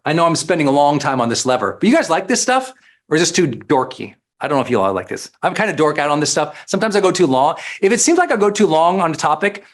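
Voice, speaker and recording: A man leads a motivational seminar on life coaching. His voice sits fairly high for a man, and he talks in an animated, emphatic way, driving points home with repeated phrases.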